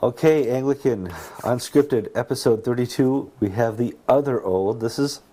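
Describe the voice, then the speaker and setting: A man's voice: mid-range voice, moderate pace, mellow, faint music behind, poor audio. A man with an American accent hosting a casual news show, easygoing, laughing readily and restarting his sentences. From United States. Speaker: host.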